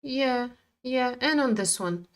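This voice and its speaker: A woman's voice: high-pitched, lively intonation, slow pace. A woman hosting a live trading stream, chatting casually and animatedly, swearing freely and talking back at her chart.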